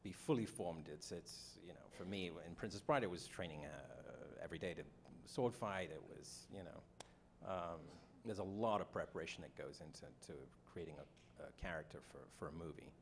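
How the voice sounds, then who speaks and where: A man on a convention panel answering a question, pausing often to search for words. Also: deep voice, slight background noise. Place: convention hall.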